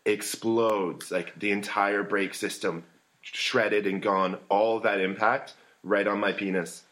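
A man's voice: on the low side, steady tone, slow, a bit bright. A man in casual chat, telling a self-mocking story in a laid-back way.

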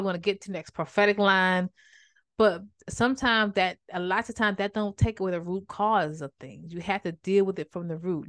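A woman's voice: medium pitch, fairly bright tone, dry recording. Woman giving heartfelt devotional talk. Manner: conversational, addresses listeners as y'all; emotional, fighting back tears of joy. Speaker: podcast host and Bible teacher. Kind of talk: casual devotional teaching. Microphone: microphone with a faulty cord.

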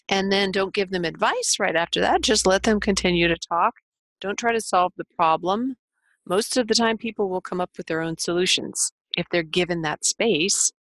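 Gentle low-voiced woman life coach. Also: no echo. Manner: gentle, explanatory, models example dialogue. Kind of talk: scripted podcast advice talk.

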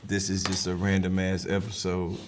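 A man's voice: sits low, monotone, moderate pace, noisy background. Crude, joking man. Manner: crude, joking, laid-back. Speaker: podcast host. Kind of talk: casual chat.

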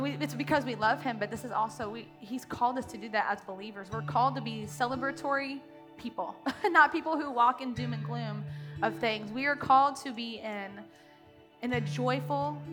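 Her voice bright, forceful, and on the high side, a woman leading worship talks off the cuff in the church sanctuary. She's emotional, laughs as she speaks, and uses "like" heavily.

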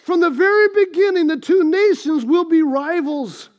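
A man voicing God, speaking slowly and solemnly in a declaiming way. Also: very high-pitched, highs cut off.

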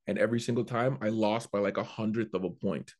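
Animated man telling a story. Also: fairly low pitch, fast talker. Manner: animated, repeats and restarts while telling. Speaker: comedian guest. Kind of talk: casual storytelling.

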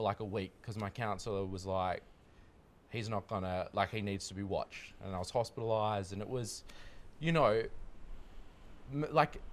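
A man reflecting candidly and thoughtfully on honesty and vulnerability in a group conversation. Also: on the low side. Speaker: panel guest.

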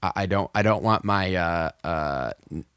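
Deep-voiced man, halting earnest speech. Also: a bit bright, clear, resonant tone, dry recording, clean studio sound. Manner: halting, many restarts, earnest. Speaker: podcast co-host. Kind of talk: casual podcast chat.

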